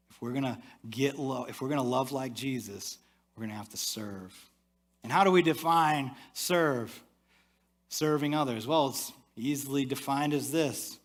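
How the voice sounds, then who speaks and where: A male pastor preaching a sermon in church, talking to the congregation in a conversational way and dropping to a soft, low voice for asides. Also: moderate pace.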